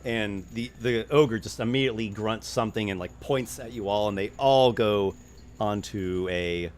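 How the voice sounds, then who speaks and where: A man running a tabletop role-playing game as game master, describing scenes in halting narration full of fillers. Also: fairly low pitch.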